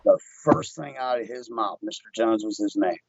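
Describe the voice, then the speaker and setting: Animated man telling a story. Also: lowish voice, normal speed, creaky, husky, no room sound, highs cut off. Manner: animated storyteller acting out his own quotes. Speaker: guest, window tint shop owner. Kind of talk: casual storytelling chat.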